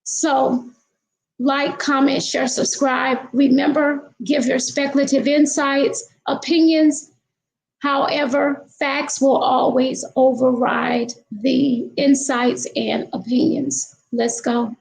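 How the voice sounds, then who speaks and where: A woman commentating on a true crime case in a casual, halting way, with many fillers. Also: high voice, level tone, creaky, low-quality recording.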